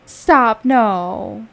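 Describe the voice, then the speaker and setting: A woman streaming a video game with a friend, chatting casually in an animated, giggly, teasing way. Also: a little high, gravelly. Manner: animated, giggly, quick to tease. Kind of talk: casual gameplay chat.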